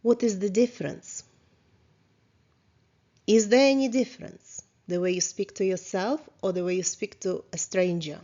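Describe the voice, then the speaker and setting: A woman therapist leading a guided self-reflection lesson, talking calmly and asking many questions, with small grammar slips. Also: medium pitch. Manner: slow, calm, questioning, with small grammar slips of a non-native speaker. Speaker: therapist teaching a course. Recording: slightly dull lo-fi sound.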